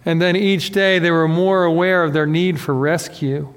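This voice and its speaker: Speaking at a normal pace in a notably high, clear and resonant voice, a pastor preaches in a conversational, animated way, poking fun at himself and frequently acting out other people's words. His voice rings with a long reverb, like the sound of a hall.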